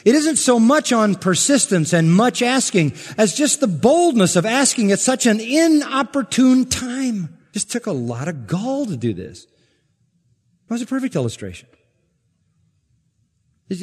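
A man preaching a sermon in a church, his voice sitting a little high for a man. He presses hard on key words and lifts his pitch to drive a point home. His voice carries a long hall reverb around it. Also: very animated, unhurried, husky. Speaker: pastor.

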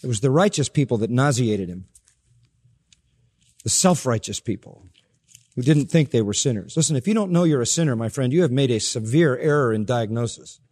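A man preaching a sermon as pastor, emphatic, with sharp rises in pitch and soft drops at the ends of phrases. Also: lively intonation, brisk, husky, in a large hall.

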